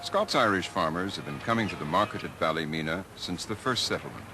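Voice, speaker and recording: A man giving scripted narration for a documentary in a measured, expressive way. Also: deep voice, music in the background, low-quality recording. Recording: archival 1980s documentary with noise.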